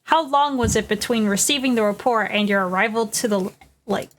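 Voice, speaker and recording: A woman reading as an earnest young male defense lawyer from a courtroom game, questioning witnesses in a plain, slightly hesitant way. Her voice sits on the higher side. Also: a little fast, slight background noise, lightly acted.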